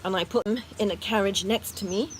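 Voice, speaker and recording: A woman hosting a casual vlog, talking softly and gently and cooing to her rabbits between explanations. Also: mid-range voice, a little fast, slight background noise, low-quality recording. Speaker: rabbit owner and channel host. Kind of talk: casual vlog narration while tending pets.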